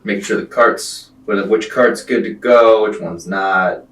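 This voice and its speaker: A man's voice: lowish voice, unhurried, fairly bright tone. A man playing a tabletop game who talks in a blunt, teasing way. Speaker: player. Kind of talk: casual tabletop game play. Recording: roomy, distant mic, faint music.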